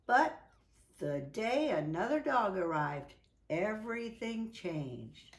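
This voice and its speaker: A woman reading a children's picture book aloud, with lively, drawn-out delivery. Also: lowish voice, reverberant. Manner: animated, drawn-out, voices for characters. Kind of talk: children's storybook read-aloud. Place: indoors at home.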